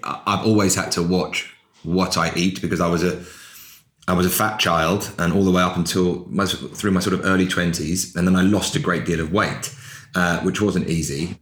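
A man's voice: sits low, fairly even intonation, moderate pace, a bit bright. A middle-aged English actor, chatting wryly in an interview, often restarting his sentences. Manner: wry, self-deprecating, frequent restarts. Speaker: actor guest. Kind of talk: casual interview chat. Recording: echoey room.

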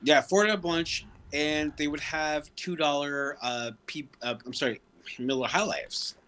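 A man's voice: a little high, steady tone, a little slow, bright, forceful tone. A man chatting casually, chiming in and adding to a friend's stories. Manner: chiming in, laughing. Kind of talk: casual chat.

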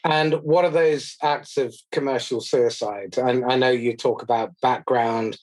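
A man's voice: mid-range voice, fairly even intonation, unhurried, no room sound. A man hosting a podcast, asking brief, plain questions in an interview. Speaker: podcast host.

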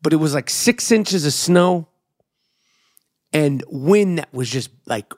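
A man's voice: on the high side, lively intonation, slow, pauses often, a little mellow, dry recording, studio quality. A middle-aged man with a New York accent, hosting his own podcast in a brash, profane, riffing monologue. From New York City. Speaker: podcast host and comedian.

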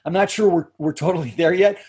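Male coach, husky tenor, measured explanatory delivery. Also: steady tone, warm tone. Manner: measured, explanatory, drops pitch to end points. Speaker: communication coach, podcast guest. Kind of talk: interview conversation.

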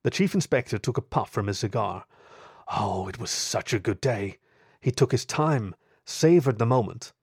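Man narrating a story, dry and lively. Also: fairly low pitch, moderate pace, creaky, husky, no room sound.

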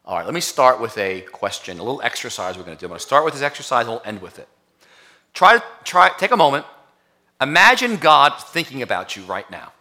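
Bright-voiced male pastor preaching. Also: medium pitch, big pitch swings, a little fast. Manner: conversational preaching, rising to emphatic. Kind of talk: sermon. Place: church sanctuary.

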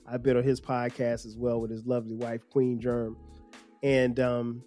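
A man, hosting a podcast and telling a story in a casual, animated way with lots of laughter. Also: medium pitch, faint music behind. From South Carolina. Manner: animated, laughs often, quick restarts. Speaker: podcast host.

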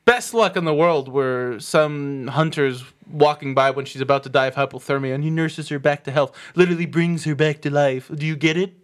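Blunt, profane man reviewing movies. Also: a little high. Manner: blunt, profane, mocks with quick put-on voices. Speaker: podcast co-host. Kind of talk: casual chat.

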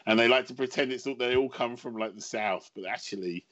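A man's voice: medium pitch, brisk, fairly bright tone, highs cut off. A middle-aged English man, a writer and guest on a podcast, talking in a casual, self-mocking way and laughing often. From England.

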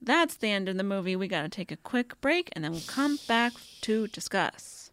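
A woman's voice: mid-range voice, big pitch swings, normal speed, fairly bright tone. A woman co-hosting a podcast, recapping a movie with jokes in casual chat. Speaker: podcast co-host.

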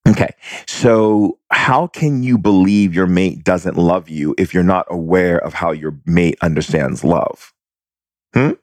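A man, a spiritual teacher, talking in a reflective monologue with slow, deliberate, drawn-out phrasing and long run-on sentences. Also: low voice, darkish tone, no echo.

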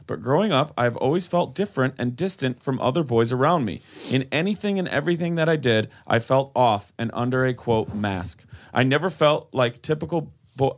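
A man co-hosting a comedy podcast, reading out a listener's letter and stopping to add asides. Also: medium pitch. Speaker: podcast co-host.

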